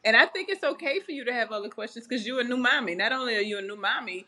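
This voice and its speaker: A woman guest speaking in a calm, reassuring, matter-of-fact way. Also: fairly high pitch, rapid-fire. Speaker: interview guest. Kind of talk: casual chat.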